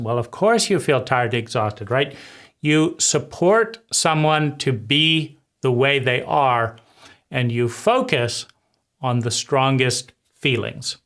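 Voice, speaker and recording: A man teaching conversation skills in a deliberate way, often repeating himself and checking in with "right?". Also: medium pitch, lively intonation, fairly bright tone. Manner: slow, deliberate, repeats phrases and asks "right?". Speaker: life coach.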